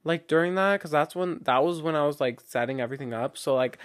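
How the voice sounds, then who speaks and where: A young podcast host with a higher voice talks fast in a casual solo monologue. He rambles and chats, leaning heavily on "like" and often restarting his sentences.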